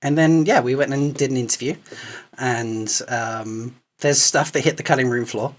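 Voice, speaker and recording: A man co-hosting a podcast, telling an excited anecdote, acting out what people said and laughing often. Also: mid-range voice, moderate pace. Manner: animated, acts out quoted voices, laughs often. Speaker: podcast co-host.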